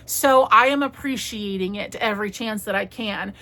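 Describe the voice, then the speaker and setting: Bright, chatty young woman vlogger. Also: medium pitch, moderate pace. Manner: chatty and rambling. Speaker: crochet vlogger. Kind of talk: casual chat.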